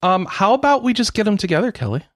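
A man's voice: sits high, big pitch swings, fast talker, fairly bright tone, no echo, clean studio sound. A man co-hosting a podcast, chatting casually about games, rambling and cutting himself off, often laughing. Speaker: podcast co-host. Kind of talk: casual gaming chat.

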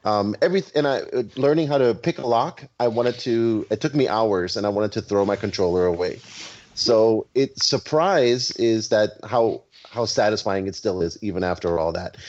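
A man's voice: lowish voice, moderate pace, darkish tone. A man chatting on a podcast panel, hesitant with many ums and restarts, over an online call. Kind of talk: casual chat. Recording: muffled online call audio.

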